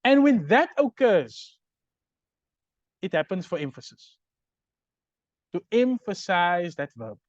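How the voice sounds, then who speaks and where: A man lectures on grammar, raising his voice high and swinging it widely. He speaks slowly, asks "right?" to check that his listeners follow, and the recording is dry and dull. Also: very animated, no room sound. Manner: explains step by step, checks understanding with "right?". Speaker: Arabic grammar teacher.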